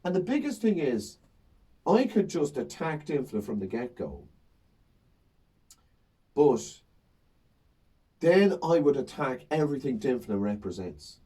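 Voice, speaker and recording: Comic, animated storyteller, husky voice, mic set back from him. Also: male voice, medium pitch, unhurried, long pauses, far from the mic. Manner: animated storytelling, acts out crowd banter. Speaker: stand-up comedian. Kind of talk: casual chat.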